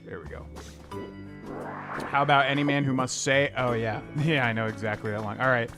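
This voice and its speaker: A young male streamer chats loosely while he plays, rambling from one thought to the next and humming little tunes under his breath. Game music runs clearly behind his voice. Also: mid-range voice, moderate pace, sharp tone. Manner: chatty, rambling, hums and scats to himself. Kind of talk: casual gameplay commentary.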